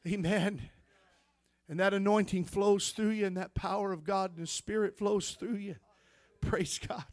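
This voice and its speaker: A man preaching a testimony sermon, telling his story with fervor that climbs into shouts. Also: high voice, steady tone, measured pace, no room sound. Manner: fervent storytelling, rising to shouts.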